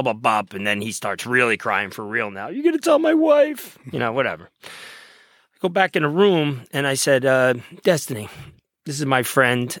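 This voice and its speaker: A man's voice: mid-range voice, pushed and bright, no echo, clean studio sound. A man, a police detective from New Jersey, telling a story in short clipped phrases as a podcast guest. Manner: choppy clipped phrases, laughing through stories. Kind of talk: casual storytelling.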